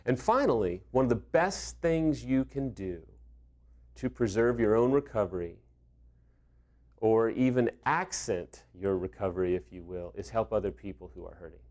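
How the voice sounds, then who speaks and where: A middle-aged man speaks at a moderate pace in a lowish, slightly mellow voice, talking directly to the camera as a recovery coach. His advice is earnest and conversational, and he acts out snippets of dialogue.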